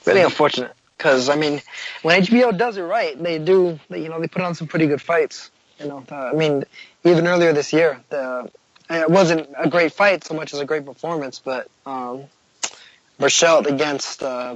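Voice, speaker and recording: A man chatting about boxing on a podcast in a measured, hesitant way, with many fillers. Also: fairly high pitch, no room sound, low-quality recording. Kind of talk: casual boxing chat.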